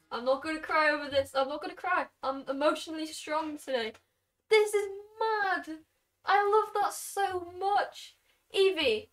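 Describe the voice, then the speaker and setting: A young woman streaming from her bedroom, chatting excitedly and gushing to her viewers. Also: high voice. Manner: excitable, gushing, talks to chat. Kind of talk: casual live-stream chat.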